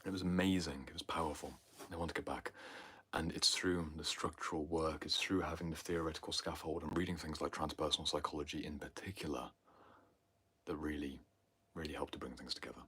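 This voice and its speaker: A man hosting a livestream Q&A, talking intensely and often sinking into a breathy near-whisper, then rising to loud emphasis. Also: rumbling low, steady tone, brisk. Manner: swings between loud emphasis and hushed asides. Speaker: host answering viewer questions. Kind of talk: livestream Q&A talk.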